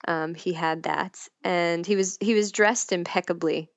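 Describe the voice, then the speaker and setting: As a podcast guest, a woman talks candidly and casually, frank and giggly, often breaking into laughter. Her voice is on the low side with fairly even intonation, a little slow, and there's no echo.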